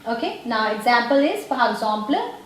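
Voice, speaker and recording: Woman teacher going slow and patient, high voice, really echoey room. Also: sing-song, a little hiss or hum. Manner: patient, repeats words and checks in with "okay" and "right". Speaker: French teacher. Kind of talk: slow explanatory lesson.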